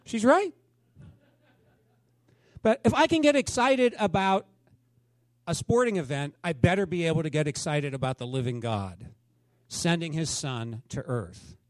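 A man in his fifties preaching a sermon, telling stories dramatically and swinging between loud exclamations and hushed asides. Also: fairly high pitch, sing-song, measured pace, pauses often, no echo. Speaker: pastor.

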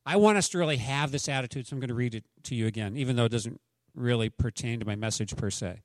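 A man's voice: medium pitch, fast, no echo. A male pastor giving a casual, joking sermon with anecdotes and a prayer. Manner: chatty, joking, conversational.

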